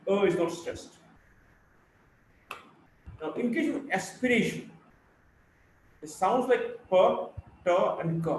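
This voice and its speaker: A man with an Indian English accent giving a college phonetics lecture, slowly reading out word lists and repeating key points. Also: high voice, a little mellow. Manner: slow and deliberate, repeating words for drill. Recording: echoey room, mic far off, faint hiss.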